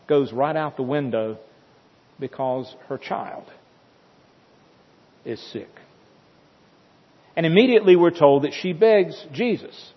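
A man preaches a sermon in a husky, slightly breathy voice, retelling the story with dramatic emphasis and insistent repetition. His voice comes through dull and muffled, and a long reverb trails behind it as if in a large church. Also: fairly high pitch, slow pace, pauses often.

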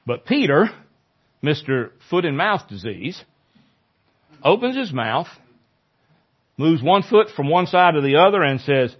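A male pastor preaching a sermon in a conversational way, growing animated when he quotes scripture. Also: on the high side, normal speed, dull audio.

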